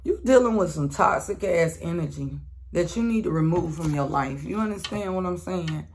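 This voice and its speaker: In her laid-back collective tarot reading, this woman talks straight, swears, uses slang, and calls her listeners sweetheart. Her voice is on the low side and darkish, with lively intonation at a normal speed.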